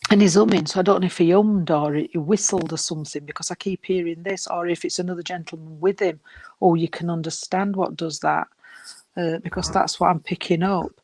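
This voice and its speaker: A woman's voice: lowish voice, steady tone, fairly quick, a little mellow, dry recording. Earnest woman medium. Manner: earnest, many restarts, calls the sitter sweetheart and darling. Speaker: spiritualist medium. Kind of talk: psychic reading, addressing a sitter.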